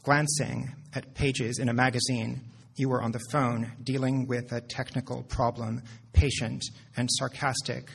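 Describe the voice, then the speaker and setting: A man, a poet, reading his own poetry in a measured, deadpan recitation. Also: medium pitch, vocal fry, breathy edge.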